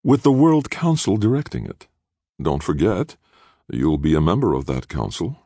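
A man reading an audiobook, voicing an imperious older woman politician with a flat, cold, calculating manner. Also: low-pitched, normal speed, breathy edge, no echo, clean studio sound, pitched above the performer's own voice, heavily acted. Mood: icy. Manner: icy and flat, coolly calculating. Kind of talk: audiobook character voice.

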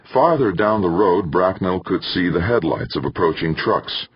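A man narrating an audiobook in a steady, somber way. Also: low voice, moderate pace, slightly rough, no room sound. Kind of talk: scripted narration. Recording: muffled dry recording.

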